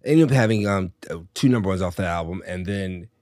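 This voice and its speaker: Sassy bass-baritone man, low and dry. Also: quick pace, darkish tone, no room sound. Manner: sassy, campy banter. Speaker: podcast guest, drag performer. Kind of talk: casual interview chat.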